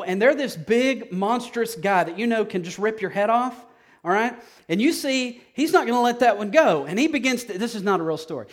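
A male preacher giving a conversational, animated sermon, often checking in with "okay?". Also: high voice.

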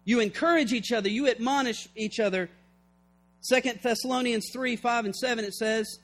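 High-voiced fervent male preacher. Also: moderate pace, fairly bright tone. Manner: fervent, acts out scripture scenes. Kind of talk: sermon.

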